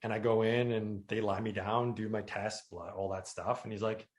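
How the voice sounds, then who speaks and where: A man telling a personal story in casual chat, animated and acting out the people he quotes. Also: fairly low pitch, moderate pace. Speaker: storyteller recounting his crash.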